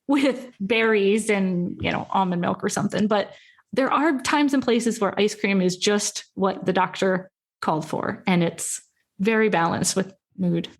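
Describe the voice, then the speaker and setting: A woman speaking as a guest on a podcast, chatting in an animated, playful way with laughs and fillers. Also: medium pitch, unhurried. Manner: animated and playful, laughs, jumps into quoted voices. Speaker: podcast guest, healthy eating advocate. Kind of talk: casual interview chat.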